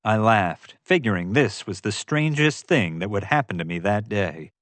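A man narrating a story aloud in a lively, expressive way. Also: on the low side, moderate pace, no echo. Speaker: audiobook narrator. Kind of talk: scripted narration.

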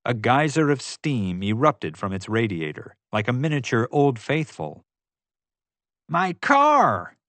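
A man narrating a story aloud in a lively, expressive way. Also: medium pitch, moderate pace, few pauses, no echo. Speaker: audiobook narrator. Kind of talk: scripted narration.

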